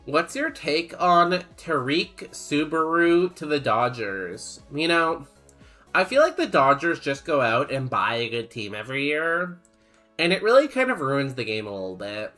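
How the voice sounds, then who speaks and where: A man's voice: fairly high pitch, sing-song, measured pace, sharp tone, faint music behind. A young man streaming a game, chatting casually and rambling as he reads chat aloud in a laid-back way.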